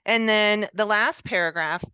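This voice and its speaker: A woman's voice: mid-range voice, measured pace, sharp tone, clear, resonant tone, dry recording, lo-fi sound. A woman giving a pre-recorded conference presentation, explaining steadily with the odd filler.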